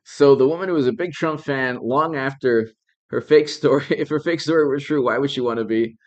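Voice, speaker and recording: A man's voice: fairly high pitch, moderate pace, dull audio. A man hosting a live political commentary stream, rambling, laughing often and thanking viewers by name.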